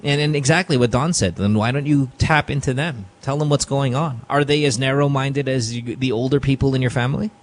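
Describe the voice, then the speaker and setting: A man hosting a call-in advice podcast, talking bluntly and profanely and acting out the caller's relatives in quick asides. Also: mid-range voice, fairly even intonation, slight background noise. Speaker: podcast host. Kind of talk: casual advice chat.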